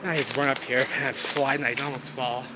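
A man vlogging outdoors, narrating as he digs through ruins, rambling and excitable and repeating himself. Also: mid-range voice, quick pace. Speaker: vlogger exploring urban ruins. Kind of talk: casual outdoor vlog narration. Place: outdoors in a wooded city lot. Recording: noisy outdoor camera audio.

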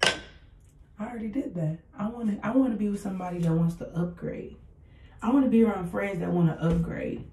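Speaking a little fast over background noise, this woman's mid-range voice comes from far off the mic in an echoey room. She's a podcast host giving an unfiltered motivational monologue, circling back to her points and swearing freely.

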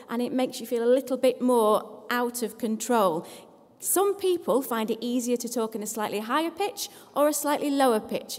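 Speaking to a seated crowd, an English speech therapist runs voice exercises covering posture, breathing and sound. Her fairly high, slightly mellow voice rings through a long-reverb hall as she encourages them briskly, poking a little fun at herself.

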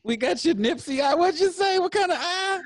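A man hosting a morning show in a high, lively voice, teasing his guests and laughing easily. He talks at an unhurried pace, and the sound is dry and close. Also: no room sound. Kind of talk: casual comedic chat.

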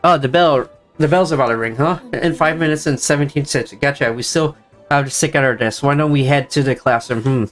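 With soft music in the background, a young man at medium pitch performs the lines of a visual novel's characters, switching voices rapidly and adding his own humorous asides as gameplay narrator.

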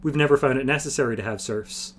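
A man reading aloud and voicing an earnest young man raised on a farm, talking in a flat, matter-of-fact way, a little higher than his own voice. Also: quick pace, lightly acted. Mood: plain-spoken.

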